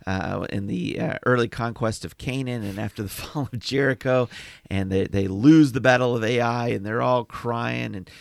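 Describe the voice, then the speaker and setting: A man's voice: medium pitch, moderate pace, vocal fry, no room sound, clean studio sound. A man co-hosting a conversational Bible discussion, reflective and affirming as he pictures the scene. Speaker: Bible study podcast co-host.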